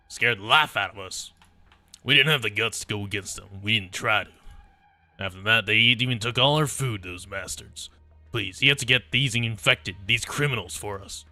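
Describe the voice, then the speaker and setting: A man voicing a gruff, defensive male farmer from a game story who curses and grumbles. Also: lowish voice, pushed and bright, dry recording. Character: defensive male farmer villager, rough-talking.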